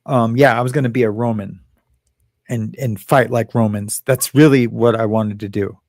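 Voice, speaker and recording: Gravelly man in rambling emotional talk. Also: medium pitch, fairly even intonation, normal speed, darkish tone, dry recording, clean studio sound. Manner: rambling, emotional, many fillers and restarts. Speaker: host. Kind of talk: casual talk.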